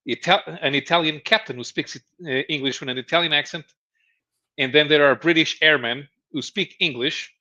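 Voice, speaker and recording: A man chatting casually on a comic book stream, his voice bright and forceful. He stumbles and restarts often, laughing between thoughts. The audio is dull and lo-fi. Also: on the high side. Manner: halting, many restarts and chuckles while explaining. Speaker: podcast co-host. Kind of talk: casual chat.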